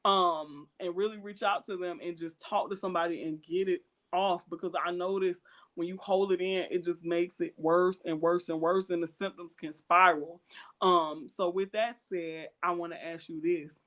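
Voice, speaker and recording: A man with a notably high-pitched voice talks through a podcast in a loose, heartfelt way. He circles back on his points, stumbles into restarts, and slips into other people's voices when he quotes them. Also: steady tone, normal speed, fairly bright tone. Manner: earnest, repetitive, with lots of fillers and restarts. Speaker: podcast co-host. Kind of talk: casual podcast chat.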